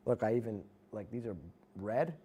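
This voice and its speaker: A man's voice: fairly low pitch, expressive, moderate pace, mellow, husky. A middle-aged man, a news anchor, chatting casually with livestream viewers from a studio, self-mocking and reading comments aloud.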